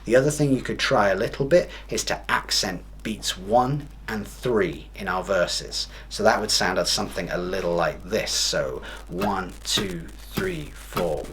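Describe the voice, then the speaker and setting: A man explaining strumming in a guitar lesson, steady and methodical, counting beats aloud. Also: fairly low pitch, moderate pace, hardly any pauses, slight background noise. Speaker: guitar teacher. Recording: guitar music loud behind. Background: guitar playing.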